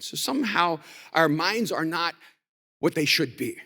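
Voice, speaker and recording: A male pastor delivering a conference sermon, telling a story and swinging from quiet to shouting. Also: on the high side, very animated, moderate pace. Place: large conference hall. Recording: reverberant large hall.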